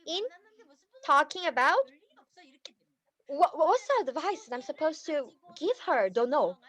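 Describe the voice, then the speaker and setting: Female trainer, high voice, animated, laughs and acts out examples, loose non-native english. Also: low-quality recording. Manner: slightly non-native, ungrammatical phrasing. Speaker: business trainer. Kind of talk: training talk.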